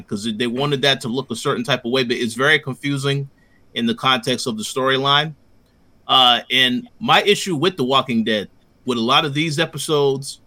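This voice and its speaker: Man, mid-pitched, bright and sharp, methodical podcast co-host. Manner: structured, lays out points one by one. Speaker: podcast co-host reviewing a TV episode. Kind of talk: casual chat.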